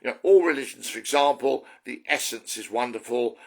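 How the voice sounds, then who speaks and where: A man's voice: medium pitch, a little fast, creaky. A man from the UK, a self-styled prophet, giving an earnest, rambling spiritual monologue with many restarts.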